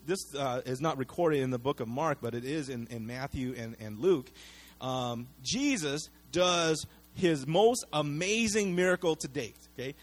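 Male pastor, fairly high voice, chatty and animated sermon storytelling, lots of fillers and restarts. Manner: conversational, animated storytelling with acted-out quotes; frequent fillers and repeated words.

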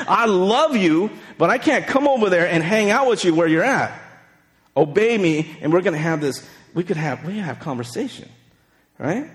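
A man's voice: a little high, long reverb tail. A man in his forties preaching a casual, conversational sermon, telling stories and checking in with frequent asides. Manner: chatty, storytelling, frequent "right?" asides. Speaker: pastor.

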